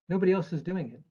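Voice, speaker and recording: An American man gives a presentation to an audience of investors. His voice sits a little high, and he speaks earnestly and with emphasis, dropping in dry asides. The recording is slightly dull. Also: warm tone, slightly rough. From United States. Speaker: actuary giving a presentation.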